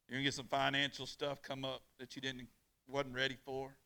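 A man preaching a sermon in church, calling on the congregation to answer back and swinging from hushed, close lines to loud declarations. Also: mid-range voice, monotone, brisk, vocal fry, clear, resonant tone. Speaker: pastor. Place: church on a weeknight.

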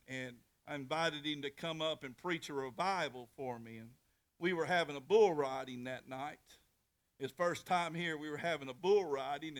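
A male pastor preaching a sermon in a folksy, animated way, often restarting his phrases. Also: on the high side.

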